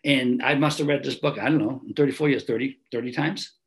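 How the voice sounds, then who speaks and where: An older man shares his own story on a video call. His voice is gravelly, and his pitch sits in a middling range. He talks earnestly and repeats phrases for weight, often tagging on a quick "right?". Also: fairly even intonation, rough recording. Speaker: recovery meeting speaker. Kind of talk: personal testimony talk.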